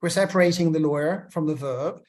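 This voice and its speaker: Legal writing lecturer, step-by-step explaining, punctuation read aloud, friendly asides, mid-pitched voice. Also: a little fast, a little mellow. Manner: chatty asides to students.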